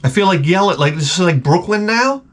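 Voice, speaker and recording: Animated, foul-mouthed ranting man. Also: high voice, fairly quick. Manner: animated, swearing, stammering restarts. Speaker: vlogger host. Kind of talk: profane comedic storytelling rant.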